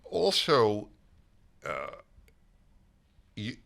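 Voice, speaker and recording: An older man hosting a political talk show conversation, emphatic and halting, with frequent restarts. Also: fairly low pitch, huge pitch swings, vocal fry, fairly bright tone. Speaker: host.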